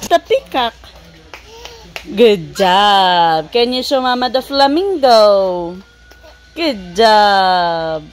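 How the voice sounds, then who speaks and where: A young woman playfully teaching her toddler animal names, praising slowly and imitating animal sounds at home. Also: medium pitch, lively intonation. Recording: noisy home recording.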